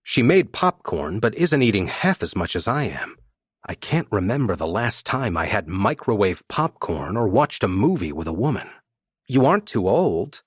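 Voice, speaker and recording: Husky man narrating, lively pitch. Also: normal speed, no room sound, studio quality. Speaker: audiobook narrator. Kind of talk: first-person romance audiobook narration.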